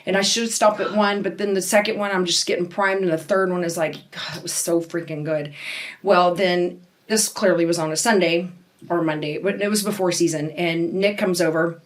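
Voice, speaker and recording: A woman with a lowish voice speaks briskly as she hosts a casual podcast chat. She's an animated storyteller who laughs a lot along the way.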